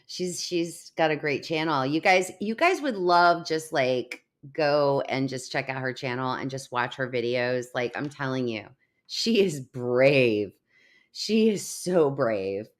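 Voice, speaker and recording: A woman's voice: a bass voice, expressive, slow pace. A middle-aged woman hosting a live online show, chatting casually and laughing as she rambles through stories. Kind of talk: casual live-stream chat.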